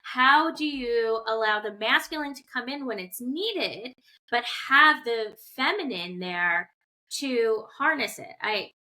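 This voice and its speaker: Woman co-host, high-ish bright tone, reflective and supportive, casual chat. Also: expressive, takes it slowly. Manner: reflective, peppers speech with "like"; supportive, asks gentle questions. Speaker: podcast co-host.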